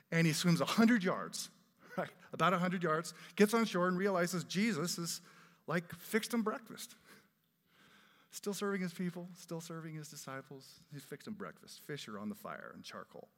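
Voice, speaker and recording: Animated preacher in a reverberant hall. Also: male voice, a little high. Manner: animated storytelling preacher, acts out quoted lines. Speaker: pastor. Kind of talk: sermon.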